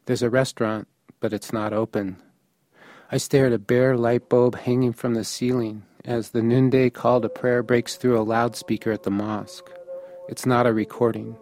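A man's voice: mid-range voice, level tone, moderate pace, darkish tone. A man from the United States narrating a first-person story in a matter-of-fact, observational way.

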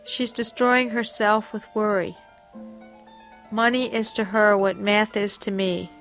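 A woman's voice: mid-range voice, level tone, unhurried, fairly bright tone, soft background music. A woman reading aloud from a personal diary in an earnest, confessional, reflective way.

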